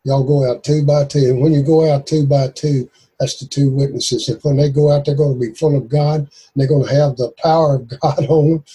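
A man's voice: medium pitch, steady tone, a little fast, hardly any pauses, dark tone, husky, poor audio. A man preaching fervently and emphatically to a Bible study group. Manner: exhorting, emphatic. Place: church group room.

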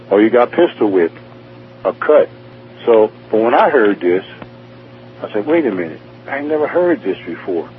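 Brief: New York man, low voice, rambling church testimony full of acted-out dialogue, tinny phone-like radio sound. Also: a little hiss or hum. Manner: rambling, repetitive, acts out dialogue. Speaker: testimony speaker. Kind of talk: personal testimony storytelling.

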